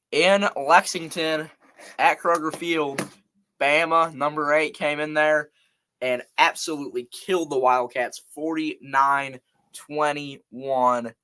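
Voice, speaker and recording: Bright-voiced man hosting a football recap. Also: mid-range voice. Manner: chatty and rambling, reels off scores and stats. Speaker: sports show host. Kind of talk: casual live college football recap.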